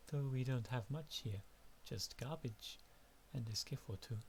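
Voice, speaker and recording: A man's voice: medium pitch, a little slow, slight background noise, close to an everyday voice. A man putting on a guarded old washwoman. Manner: guarded, folksy. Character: older evasive village washwoman.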